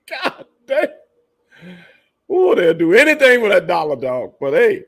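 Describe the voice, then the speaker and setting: Blunt, animated man chatting on a livestream. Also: sits high, slow pace, gravelly. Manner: blunt, profane and animated, laughing often; talks to chat viewers by name. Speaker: livestream host and former wrestler. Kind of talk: casual livestream chat.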